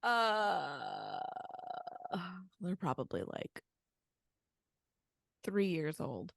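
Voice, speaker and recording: A woman's voice: low voice, very animated, extremely slow, gravelly, dry recording, clean studio sound. A woman co-hosting a casual chat podcast, playful and self-mocking, who laughs a lot. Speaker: podcast co-host, a mother.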